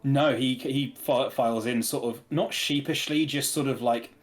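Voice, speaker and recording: Guy at a tabletop game, halting, keeps rephrasing, faint music in the back. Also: medium pitch, steady tone. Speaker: player. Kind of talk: casual tabletop gaming chat.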